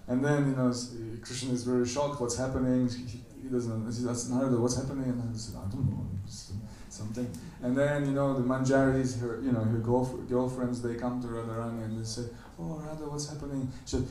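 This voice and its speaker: Man, storytelling sermon, mellow tone, echoey hall, heard from a distance. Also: fairly quick, hardly any pauses. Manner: animated storyteller, acts out the characters' quoted lines in a higher voice. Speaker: temple lecturer. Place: temple hall.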